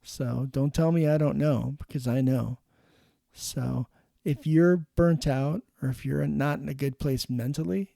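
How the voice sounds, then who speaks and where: A middle-aged man with a medium-pitched, gravelly, mellow voice gives frank, plain-spoken advice in a casual monologue. He's an emergency nurse who hosts a podcast, and the recording is a clean studio sound with no room noise.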